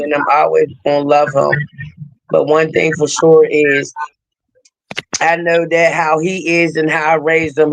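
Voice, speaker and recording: A woman on a live stream speaking earnestly and reflectively, with a gravelly voice. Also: deep voice, no echo, rough recording. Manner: earnest, reflective, talks about loss. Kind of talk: casual chat on a live stream.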